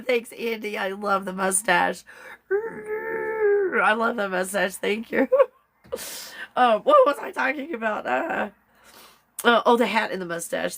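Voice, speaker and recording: A woman hosting a casual live-stream show, chatty and excitable, rambling along and laughing often. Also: medium pitch, creaky.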